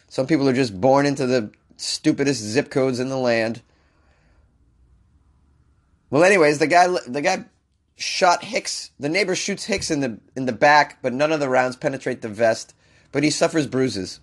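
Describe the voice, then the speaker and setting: A man with a hoarse, sick-sounding voice hosts a comedic weird-news podcast. He riffs sarcastically on the stories, sounds exasperated, and breaks into disbelief. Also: mid-range voice, moderate pace. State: hoarse from illness. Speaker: podcast host.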